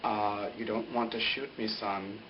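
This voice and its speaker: A calm, scheming middle-aged man coaxes in a low, unhurried voice, as a man acts him out. The recording is dull and lo-fi, with a faint hiss underneath. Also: lightly acted. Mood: coaxing.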